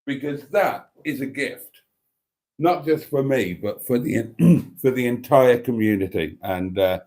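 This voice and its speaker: This livestream host, a man, reads out chat messages and chats in a self-deprecating way during a casual stream. He speaks at a measured pace with a medium pitch and a darkish tone.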